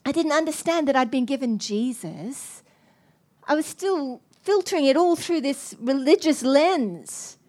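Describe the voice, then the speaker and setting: A middle-aged woman with a high voice, preaching from the pulpit. She tells her story with lively, self-mocking animation. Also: unhurried. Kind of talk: storytelling sermon.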